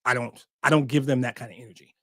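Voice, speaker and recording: A man's voice: mid-range voice, fairly even intonation, fast talker, fairly bright tone, dry recording, studio quality. A man hosting a sports podcast, talking emphatically and repeating short punchy lines, with an occasional curse. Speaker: podcast host. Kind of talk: passionate sports talk.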